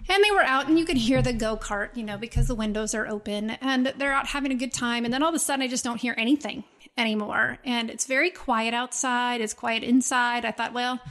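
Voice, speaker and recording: Middle-aged mom telling a story, lively, does the kids' voices, voice a bit high. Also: female voice, fast. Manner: animated storyteller who acts out her children's voices. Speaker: guest, mother. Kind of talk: casual storytelling.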